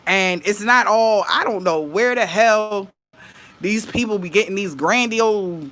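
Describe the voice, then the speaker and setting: A woman's voice: mid-range voice, a little slow, fairly bright tone. A woman, telling a dream story to her viewers in casual vlog talk, laughing, swearing and acting out what people said. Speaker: vlogger.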